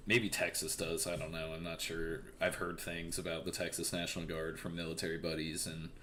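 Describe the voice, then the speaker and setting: Young man, very low voice, profane rambling news commentary, faint background hiss. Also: level tone, a little fast, bright, forceful tone. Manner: profane, rambling, filler-heavy.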